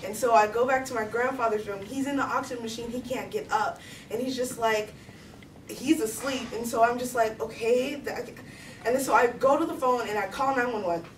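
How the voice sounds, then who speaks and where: A young woman with a fairly high voice tells a story to a live crowd, chatty and animated, stringing her sentences together with "like". She sounds a little distant from the mic, and the room around her echoes. Faint noise sits behind her voice. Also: fairly quick. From Texas, USA. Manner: chatty, animated, heavy use of "like". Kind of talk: live story slam performance. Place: stage before a live audience in a hall.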